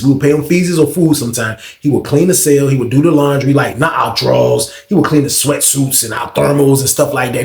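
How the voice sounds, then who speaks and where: A man telling a story casually, with an animated delivery that swings from loud bursts to hushed, low tones. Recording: roomy echo.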